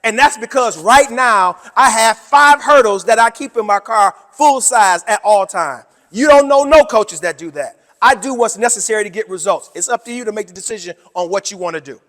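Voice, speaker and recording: Animated high-voiced man in a reverberant hall. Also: normal speed, few pauses. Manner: animated, preacher-like delivery with sudden loud and soft turns. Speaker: presenter at a teacher workshop. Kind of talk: conference talk to educators. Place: conference room.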